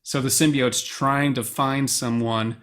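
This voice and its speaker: A man's voice: mid-range voice, a little slow. A man from the US, a podcast co-host, recapping a film in casual chat and often acting out quoted lines. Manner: animated storyteller, quotes lines in put-on voices.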